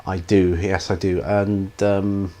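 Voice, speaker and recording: A middle-aged man with a somewhat low voice answers viewer questions on his hobby channel. He rambles and hesitates, restarting sentences and filling gaps with ums, in an easy, casual way. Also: level tone, slow pace, warm tone. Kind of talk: casual Q&A chat.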